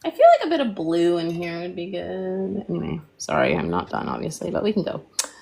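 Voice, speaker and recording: A woman with a gravelly, croaky voice that is half gone from being sick, chatting in a loose, giggly way while she paints on a live stream. Her pitch bounces around a lot as she talks. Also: big pitch swings, a little fast, mellow. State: losing her voice from illness. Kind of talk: casual chat while painting.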